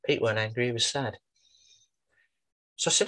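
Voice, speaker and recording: A man's voice: mid-range voice, moderate pace, bright, forceful tone, no echo. Chatty man telling anecdotes, dry sound. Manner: chatty storyteller, acts out quotes. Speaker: wellbeing practitioner. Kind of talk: informal promotional talk with anecdotes.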